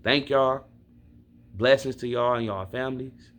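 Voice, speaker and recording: A man with a mid-range, fairly bright voice speaks a little slowly as he vents about his football team. He's a sports fan vlogger from Milwaukee, Wisconsin, blunt and profane in a casual rant aimed directly at his viewers.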